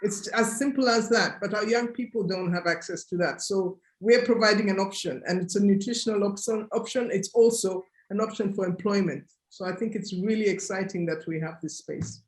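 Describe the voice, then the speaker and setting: A woman's voice: mid-range voice, fairly quick, hardly any pauses, reverberant. A woman cocoa grower answering earnestly on a webinar panel over a video call, thinking aloud as she goes.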